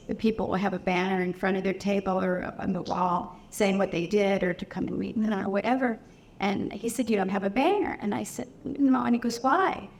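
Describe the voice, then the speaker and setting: An older woman, a guest actress, telling warm, chatty anecdotes at a convention Q&A. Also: slight background noise. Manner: warm, chatty anecdotes that rise high and laughing at punchlines. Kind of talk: convention Q&A storytelling.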